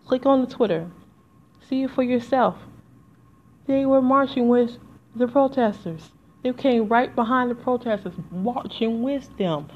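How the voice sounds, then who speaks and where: A woman's voice: mid-range voice, a little mellow, a little hiss or hum. A woman speaking in a heartfelt, rambling solo podcast monologue straight to her listeners. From United States. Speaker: podcast host. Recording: slightly dull lo-fi home recording.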